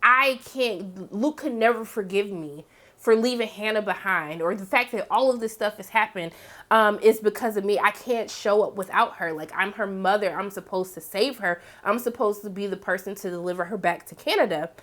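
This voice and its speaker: A woman voicing a distraught young mother, speaking softly and earnestly in a lower voice. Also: moderate pace, natural voice. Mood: remorseful. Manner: soft, earnest, lower than her usual voice.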